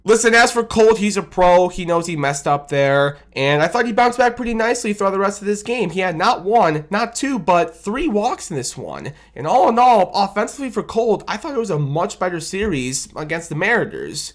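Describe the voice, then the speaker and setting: Animated man recapping a baseball game. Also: sits high, moderate pace, hardly any pauses. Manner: animated, self-deprecating, rambling with restarts. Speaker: fan commentator. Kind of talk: casual sports recap. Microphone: desk microphone on camera.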